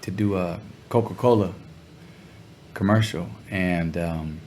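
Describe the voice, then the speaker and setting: A man telling a story in a relaxed interview, talking in slang and sounding animated when he quotes people. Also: low voice, slow pace, a little hiss or hum. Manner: laid-back, slangy, animated when quoting others. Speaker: guest musician.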